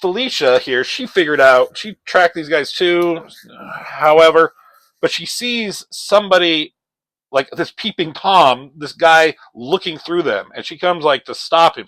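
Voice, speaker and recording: A man's voice: a little high, animated, measured pace, pushed and bright, no echo, rough recording. A man giving a casual comic book review, rambling and swearing as he retells the story. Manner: profane, rambling, retells scenes in voices.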